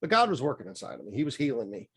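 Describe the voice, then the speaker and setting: A middle-aged mindset coach appears as a podcast guest, his mid-range voice swooping wildly in pitch, very fast, creaky and slightly rough. In a casual storytelling interview he rambles candidly, with many fillers and restarts.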